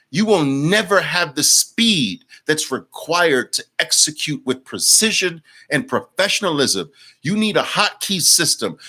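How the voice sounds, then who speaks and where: Forceful, blunt male trading coach. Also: fairly high pitch. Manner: blunt, emphatic, repeats words for force; reads and answers viewer comments. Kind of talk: live-streamed trading lesson.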